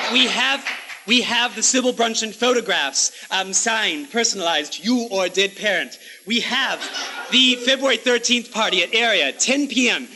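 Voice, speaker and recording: A man's voice: high voice, pushed and bright. A man hosting a comedy show, delivering a campy monologue in a grand, haughty, mock-aristocratic manner with affected French touches. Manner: sprinkles in affected French phrases. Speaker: host of a comedy cable show.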